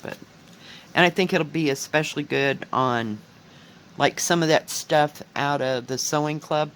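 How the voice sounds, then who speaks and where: A woman chatting casually at home as she shows her cross-stitch projects, rambling and unhurried. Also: low voice, a little hiss or hum, rough recording. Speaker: cross-stitch video host. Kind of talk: casual crafting chat.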